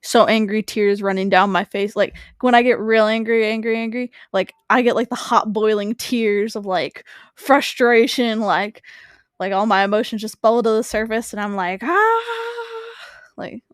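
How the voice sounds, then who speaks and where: A woman's voice: medium pitch, moderate pace, smooth, no echo, clean studio sound. A woman co-hosting a podcast in casual chat, rambling with lots of fillers. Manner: rambling, many fillers, animated. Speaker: podcast co-host.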